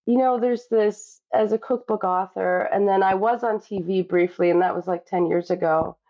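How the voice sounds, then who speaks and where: A woman's voice: mid-range voice, normal speed. Woman author chatting on a podcast, lots of you knows, kinda dull lo-fi audio. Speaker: guest cookbook author. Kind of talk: podcast interview.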